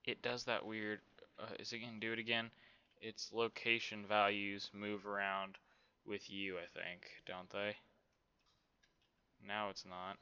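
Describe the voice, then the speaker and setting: A man's voice: fairly low pitch, little pitch movement, unhurried, pauses often, pushed and bright, smooth, dull audio. A man casually talking through a game development tutorial, rambling to himself with many fillers. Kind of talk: casual screen-recorded tutorial.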